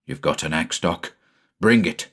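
Storybook role: man reading as a deep-voiced grieving deputy, low and hard. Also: a little slow, a bit bright, heavily acted. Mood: grim. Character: grieving, grimly vengeful rural deputy father.

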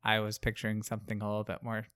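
A podcast co-host listens to a story and cuts in with brief, dry remarks. The voice sits at an ordinary middle pitch and keeps its comments short. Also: monotone, rapid-fire, a bit bright, clear, resonant tone. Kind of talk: casual chat, reacting to a story.

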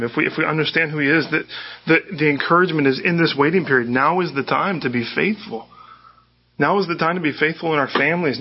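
Earnest husky male pastor preaching. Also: a little high. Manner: earnest, repeats words as he restarts. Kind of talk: sermon. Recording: dull lo-fi sermon recording.

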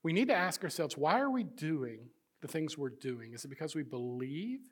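A middle-aged man preaching a sermon as pastor, swinging between loud emphasis and hushed, intimate passages. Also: a little high, sing-song, moderate pace, slightly rough.

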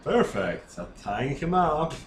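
A man in a tabletop game teases the others in a dry, playful way. His voice is fairly high and animated. The room around him is echoey. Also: slow. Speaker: player. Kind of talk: casual tabletop play. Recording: echoey room with faint noise.

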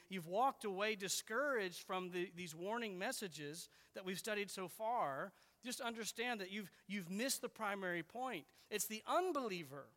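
A man's voice: sits high, fairly bright tone, big-room sound. A man preaching an expository sermon as pastor, earnest and emphatic, repeating key words for weight.

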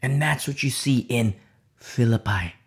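A woman's voice: a bass voice, unhurried. A woman pastor delivering a sermon emphatically, repeating key phrases and dropping to near-whispers.

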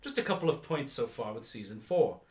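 Man doing a courteous English chap reading his own letter, lively pitch, echoey room. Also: a little fast, lightly acted. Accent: put-on English accent. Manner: formal, articulate letter-writer. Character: polite, wordy male listener from England.

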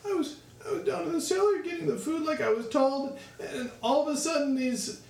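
A man voicing a frightened little girl who talks in a halting, breathless rush. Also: very high voice, gravelly, darkish tone, echoey room, far from the mic, voice pushed up.

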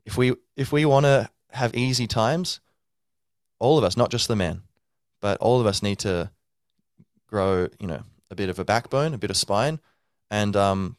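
A man's voice: lowish voice, normal speed, no echo, clean studio sound. A man hosting a podcast, talking casually in a loose, rambling monologue full of fillers and restarts. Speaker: podcast host.

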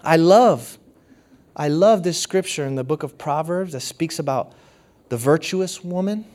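Middle-aged guy preaching, kinda high voice, earnest, goes quiet for the stories. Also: moderate pace. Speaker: pastor. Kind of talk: sermon.

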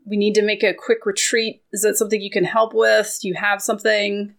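A woman playing a tabletop game, talking in a lively, rambling way. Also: mid-range voice, brisk, vocal fry. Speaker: player. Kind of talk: casual tabletop role-play.

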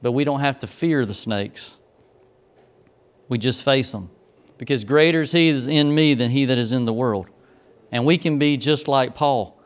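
A man's voice: medium pitch, moderate pace. A man preaching a sermon, telling a folksy personal story before turning to the lesson. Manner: folksy storyteller, grows excited and laughing in the funny parts.

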